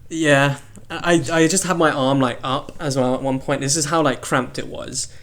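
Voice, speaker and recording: A young man co-hosting a casual podcast, an animated storyteller who laughs mid-story. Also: mid-range voice, moderate pace. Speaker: podcast co-host, band member. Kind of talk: casual chat.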